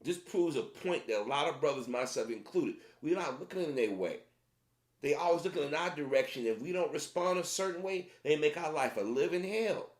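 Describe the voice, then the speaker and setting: A man's voice: on the high side, lively intonation, fairly quick. A man giving casual commentary to his viewers, emphatic and repetitive, often restarting his sentences. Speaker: commentary vlogger. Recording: roomy echo.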